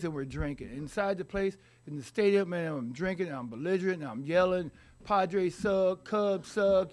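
A man's voice: high-pitched, a little mellow. Rambling man telling a wry life story. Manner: rambling, halting, with wry humor. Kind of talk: personal recovery story told to an audience.

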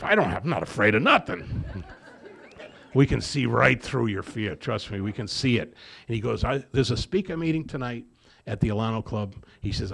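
A man's voice: mid-range voice, gravelly. A man giving a personal testimony to a recovery group, telling his story with humor and acting out the dialogue. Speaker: recovery meeting speaker.

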